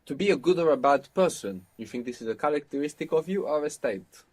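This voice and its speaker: Husky man patiently teaching a language. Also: on the high side, lively intonation, fast, a little mellow. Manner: patient, explanatory, prompting the learner. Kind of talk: spoken language lesson.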